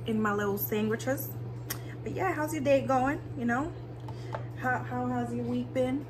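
A woman's voice: a little high, a little slow, long pauses, background noise. A woman chatting casually in a cooking vlog, rambling with lots of fillers while she makes food at home. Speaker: vlogger.

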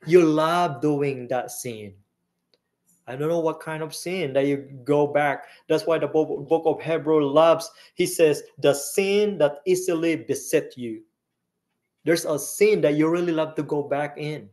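Slow-preaching man with a higher voice. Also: darkish tone. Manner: teaching Bible study, questions the congregation. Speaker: pastor. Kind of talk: sermon.

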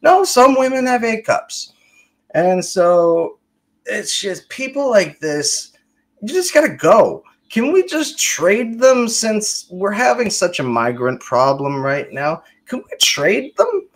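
A man's voice: high voice, sing-song, slow pace. A man hosting a ranting political commentary, profane, sarcastic and heated. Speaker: commentary host.

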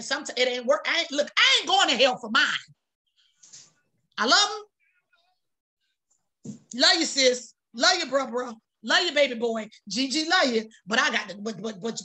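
Woman preaching, fiery repetitive delivery, high bright voice. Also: lively intonation, normal speed, long pauses. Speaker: prophetess. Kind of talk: preaching on a prayer broadcast.

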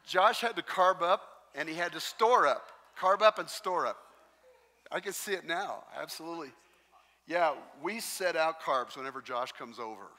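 A man preaching a sermon as pastor, telling stories in a lively, joking way. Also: on the high side, normal speed. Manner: animated, jokey storytelling. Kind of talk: sermon with storytelling. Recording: long reverb in a large hall.

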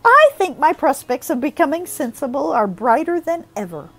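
A woman's voice: high-pitched, normal speed, faint music behind, pitched above the performer's own voice, heavily acted. A woman voicing a spirited, dramatic teenage girl. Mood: earnest. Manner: earnest, expressive.

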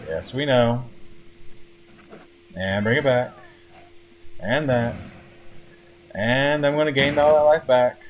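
A man giving casual live commentary on his own card game, chatting to his opponent as he plays. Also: mid-range voice. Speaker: gameplay commentator.

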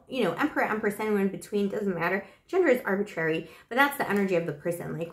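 A woman tarot reader with a fairly high voice talks in a playful, flirty and teasing way, showering her viewers with pet names. She is getting over the flu, and her voice still sounds rough. The sound bounces around an echoey room. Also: lively intonation, quick pace, hardly any pauses. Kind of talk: casual tarot reading to camera.

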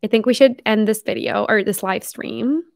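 A young woman live streams in casual chat, her fairly high voice swinging widely in pitch at normal speed. She's chatty, says "like" constantly and swears casually, and her voice is tiring from hours of talking. The recording is dry with clean studio sound.

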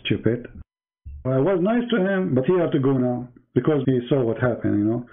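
A man's voice: medium pitch, brisk. A man hosting a heated live debate, mocking and taunting his opponent in broken English. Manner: broken, non-native English grammar. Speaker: debate host. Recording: tinny phone-like line.

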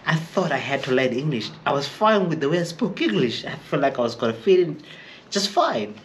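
A man's voice: mid-range voice, animated, fast, slight background noise. Chatty man telling stories. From Eastern Free State, South Africa. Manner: chatty, rambling, acts out quoted people. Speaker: chef vlogger. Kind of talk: casual storytelling to camera.

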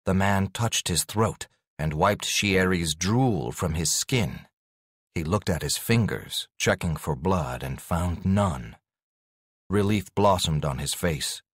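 Lively, low-voiced male audiobook narrator. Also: slow pace, no echo, clean studio sound.

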